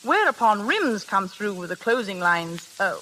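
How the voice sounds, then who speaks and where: A woman's voice: medium pitch, very animated, normal speed, pushed and bright, a little hiss or hum, low-quality recording. An actress in a 1930s radio play voicing a shrewd woman who coaches a younger girl in how to win a proposal. She talks in a coaxing, conspiratorial way, full of hesitations. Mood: scheming. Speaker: matchmaking confidante.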